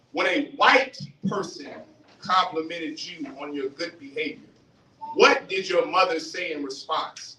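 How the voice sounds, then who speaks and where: A man giving a fiery street-style religious lecture, animated, questioning the audience and acting out voices. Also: fairly high pitch. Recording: roomy, distant mic, faint hiss.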